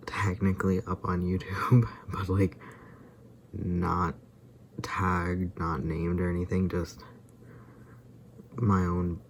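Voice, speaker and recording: A weary man with a deep voice vlogs in a rambling, casual monologue, sighing and sometimes dropping to a soft whisper. There's slight background noise.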